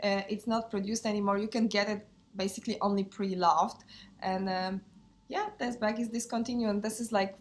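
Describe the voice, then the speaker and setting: A woman speaking English in a casual handbag review vlog. She has a cold, so her voice sounds under the weather. She talks in a hesitant, friendly way, and her sentences are dotted with pauses and fillers. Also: mid-range voice. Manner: hesitant, many fillers, non-native phrasing. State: sick, voice affected. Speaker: handbag vlogger.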